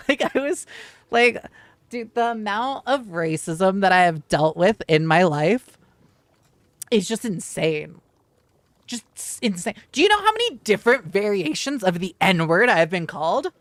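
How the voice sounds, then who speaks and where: A man's voice: sits high, animated, unhurried, fairly bright tone, no room sound. Rambling, swearing man telling stories. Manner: rambling, swearing, many fillers. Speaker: livestream storyteller. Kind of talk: casual storytime chat.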